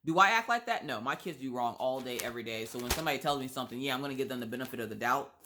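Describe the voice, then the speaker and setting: Young woman, casual vlog storytelling, sassy, blunt, animated quotes, bright forceful voice. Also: rapid-fire, slight background noise. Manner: animated, acts out quotes with pitch swings. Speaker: vlogger. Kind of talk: casual storytelling while crocheting.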